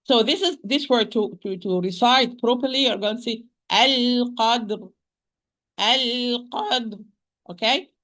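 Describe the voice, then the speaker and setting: Patient woman teacher for an online recitation lesson; repeats sounds slowly, often restarts mid-sentence. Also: a little high, a bit bright. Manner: hesitant restarts, addresses listeners as sisters. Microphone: home computer mic on a shaky internet connection.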